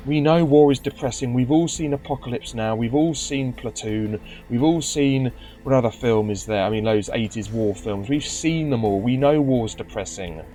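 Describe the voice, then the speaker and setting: A man of ordinary pitch grumbles his way through casual gameplay commentary, sarcastic and often tripping over his words. Game music plays faintly behind him. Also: normal speed, few pauses, mellow. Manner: grumbling, sarcastic, stumbling restarts. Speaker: let's play commentator.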